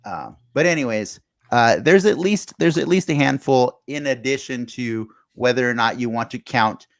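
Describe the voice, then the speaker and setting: A man's voice: medium pitch, normal speed, gravelly, dry recording. A man hosting a casual podcast, arguing his points and restarting sentences as others cut in. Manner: argumentative, talks over others with many restarts. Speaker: podcast host.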